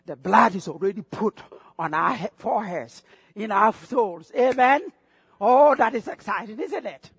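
A middle-aged man from Africa with an African accent, preaching a sermon as pastor, excitable and bursting into shouts, often repeating phrases. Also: high-pitched, measured pace, breathy edge, no room sound.

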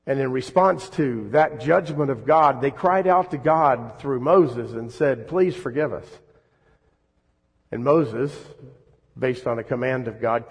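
A man preaching a sermon, swinging between loud emphatic lines and hushed ones. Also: medium pitch, husky. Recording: long reverb of a large hall.

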